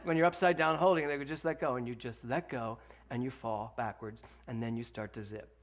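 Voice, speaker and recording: A man giving a storytelling sermon to a congregation, animated and laughing, then slowing to a soft, reflective tone for spiritual points. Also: medium pitch. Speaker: spiritual center speaker. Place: speaking to a congregation with slides.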